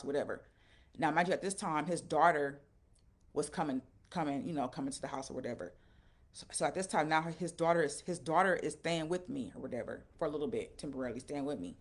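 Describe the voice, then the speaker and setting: A woman recounting a painful personal story in a casual, rambling, emotional way, often repeating herself. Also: low voice. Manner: emotional, animated retelling. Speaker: live-stream storyteller.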